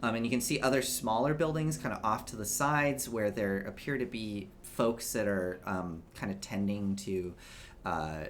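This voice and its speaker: A man's voice: on the low side, moderate pace, a little hiss or hum. A man running a tabletop game as game master, narrating in a loose, chatty way full of fillers.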